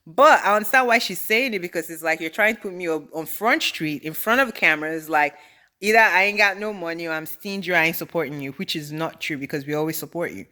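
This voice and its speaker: A woman's voice: lowish voice, fast talker. Exasperated woman recapping reality TV. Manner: animated, exasperated and slangy. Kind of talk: casual recap commentary.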